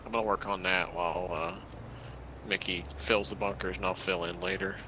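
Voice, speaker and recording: A man's voice: sits low, fairly even intonation, normal speed, pushed and bright, a little hiss or hum. A man playing a farming game alongside a streamer, talking casually and a little hesitantly. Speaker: co-player on a stream. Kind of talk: casual gaming chat.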